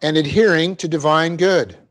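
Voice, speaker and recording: Slow, dictating male Bible teacher. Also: a little high, fairly even intonation. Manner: dictates punctuation slowly, joking asides. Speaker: pastor teaching a Bible class. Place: church classroom.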